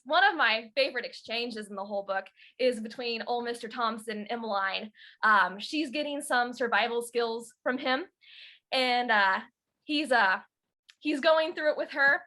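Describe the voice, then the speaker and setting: A woman's voice: fairly high pitch, sharp tone. A young woman audiobook narrator chatting casually in an interview, giggly and full of fillers.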